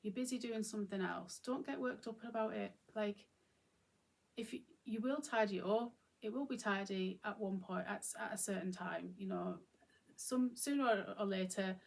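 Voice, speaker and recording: A woman talks through her thoughts in an easy, informal way, often pausing and restarting her sentences. Her mid-pitched voice carries a noticeable gravelly fry. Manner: musing, informal, many fillers and restarts. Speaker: channel host. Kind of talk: reflective solo talk to camera.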